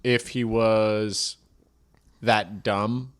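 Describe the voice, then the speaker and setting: A man's voice: on the low side, fairly even intonation, drawn-out words, clean tone. Rambling, laughing male podcast co-host. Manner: rambling storyteller, laughs mid-sentence. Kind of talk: casual podcast chat.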